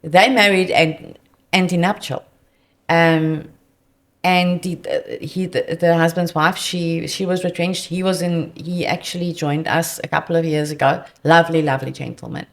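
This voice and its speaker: A South African woman, a debt counsellor guest, telling earnest, animated client stories in conversation. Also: fairly low pitch, normal speed. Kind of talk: conversational storytelling.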